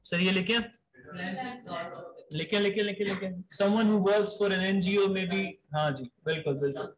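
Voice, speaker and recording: High-voiced man quizzing vocabulary. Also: fairly even intonation, poor audio. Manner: brisk, mixes Urdu into English, calls students "sir". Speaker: vocabulary teacher. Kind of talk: live online class, quizzing students.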